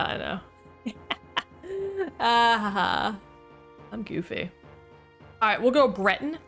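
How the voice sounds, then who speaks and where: A woman's voice: mid-range voice, vocal fry, fairly bright tone. A woman chatting casually with her livestream chat while playing a game, goofy and talkative, reading comments aloud. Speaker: game streamer.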